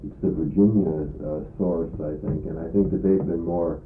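A man interviewing someone about local accents, in a halting way with many restarts. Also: low voice, steady tone. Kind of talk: casual recorded conversation. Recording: phone-like, echoey, faint hiss.

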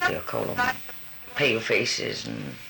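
In a roomy recording with background hiss, an older man works through a word-list interview, relaxed and folksy, addressing the interviewer as honey. He speaks slowly in a creaky, mid-range voice whose pitch swings widely.

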